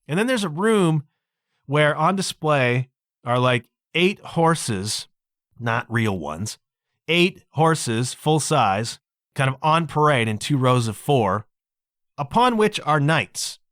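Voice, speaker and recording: Male podcast host, lively solo storyteller, dry close-mic sound. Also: on the high side, takes it slowly, dry recording. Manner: animated, exclaiming storyteller with frequent "man" and "dude". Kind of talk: casual solo podcast monologue.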